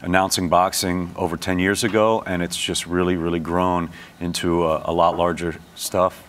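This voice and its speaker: A middle-aged man from Brooklyn with a very low, deep voice talks as a guest in a television studio. He chats in a relaxed, loose way, often restarting his sentences and filling gaps with small sounds. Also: normal speed. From Brooklyn, New York. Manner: relaxed, speaks with many restarts and fillers. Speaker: sports announcer and guest. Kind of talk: casual TV interview chat.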